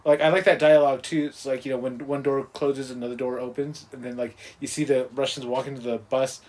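A man co-hosting a podcast, chatting casually and excitedly about a movie, swearing often and acting out the scenes. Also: medium pitch, a little fast. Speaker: podcast co-host.

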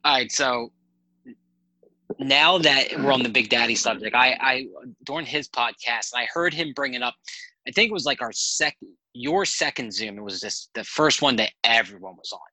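A man with a very bright, forceful voice tells loose, rambling stories as a podcast guest. He talks casually, swears freely and jumps between thoughts. The sound is dry and close, with no room around it. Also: medium pitch, moderate pace, dry recording, rough recording. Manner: animated, rambling anecdotes with profanity. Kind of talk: casual storytelling chat.

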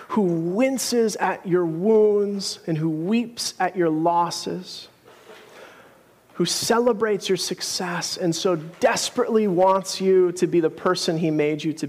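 A man's voice: high voice, in a large hall. A man preaching a sermon, telling a story in a conversational, earnest way with casual asides.

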